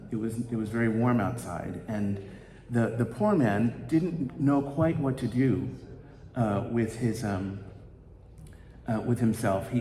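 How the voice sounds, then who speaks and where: A man's voice: medium pitch, mellow. Male pastor, sermon story, lots of ums, big echoey church hall. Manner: halting, many ums and uhs.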